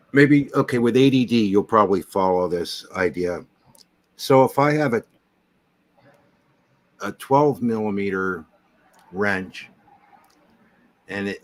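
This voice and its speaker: A man with a deep, low-pitched voice talks casually. He asks curious beginner questions and often restarts his sentences as he works through an idea. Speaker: host. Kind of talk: casual chat.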